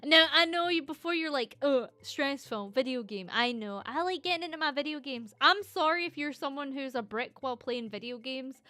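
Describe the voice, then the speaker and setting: A Scottish woman streamer chatting casually and reading viewer comments, excitable and teasing, swearing freely. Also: high-pitched, brisk, few pauses, dry recording.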